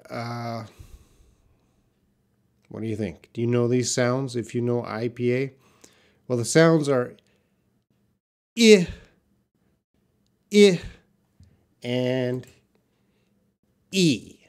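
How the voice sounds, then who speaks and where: A Canadian man hosts a live English lesson at an unhurried pace, explaining each step patiently. He breaks off often to answer viewers in the chat by name. His voice sits at an ordinary middle pitch. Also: darkish tone. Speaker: English teacher.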